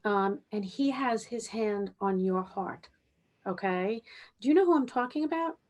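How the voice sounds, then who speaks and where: A woman who hosts a podcast as a spiritual medium. She speaks gently and reassuringly, often checking in with "okay?". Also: mid-range voice, lively intonation, unhurried. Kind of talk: podcast interview with psychic reading.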